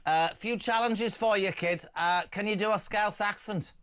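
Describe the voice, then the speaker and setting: A man hosting a live talk radio show, reading listener messages aloud in a brisk, jokey way. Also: sits high, a bit bright, clean tone.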